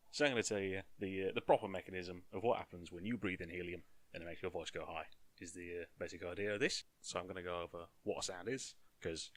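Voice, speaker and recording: A young man talks through a science explanation in a loose, joking way and teases himself as he goes. His voice sits very low. The recording is dry and close, with no room sound. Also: a bit bright, no echo. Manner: jokey, mock-boastful, talks to himself. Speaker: science video host.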